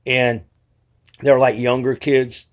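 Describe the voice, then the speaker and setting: A man's voice: medium pitch, level tone, a little slow. A young adult man talking in a casual rambling monologue, argumentative and frustrated, with many restarts. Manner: rambling, restarts often, mimics others in quotes. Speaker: video blogger.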